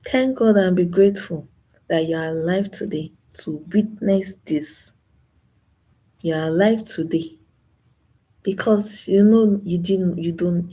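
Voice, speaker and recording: A woman's voice: lowish voice, mellow, breathy edge. A young woman hosting a live stream, talking about loss in a grieving way, sighing and repeating herself. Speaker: channel host. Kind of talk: emotional live stream talk.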